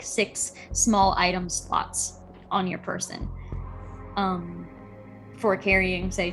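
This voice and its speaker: A woman game master narrates a tabletop horror session in a relaxed, explanatory way. Her voice stays level, with little rise or fall, and faint music sits behind her. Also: mid-range voice.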